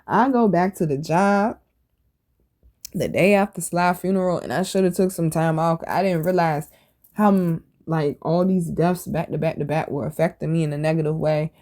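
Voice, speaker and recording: A woman hosting a podcast, telling stories in a casual, animated and blunt way, full of slang and swearing. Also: deep voice, normal speed. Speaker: podcast host. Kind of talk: casual storytelling monologue.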